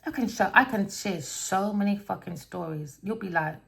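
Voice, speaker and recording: A woman's voice: mid-range voice, moderate pace, creaky. A woman giving a casual tarot reading, blunt and rambling, swearing constantly as she tells stories. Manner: storytelling, rambling. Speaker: tarot reader.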